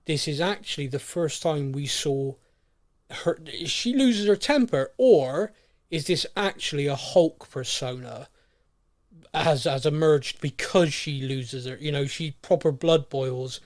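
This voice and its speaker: A man co-hosting a podcast, talking excitedly in casual chat and acting out characters' lines. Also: fairly high pitch, measured pace. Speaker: podcast co-host.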